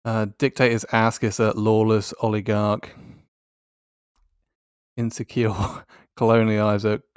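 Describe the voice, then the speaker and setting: A man's voice: on the low side, level tone, slow pace, clear, resonant tone, dry recording, clean studio sound. A man giving casual, sardonic commentary on tweets, swearing and laughing as he goes. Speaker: YouTuber.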